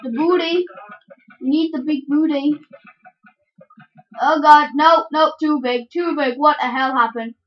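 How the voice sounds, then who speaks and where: A woman commentating a game in a casual let's-play, excitable, with yelps and giggly outbursts. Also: high-pitched, unhurried, pauses often, lo-fi sound. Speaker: gameplay commentator.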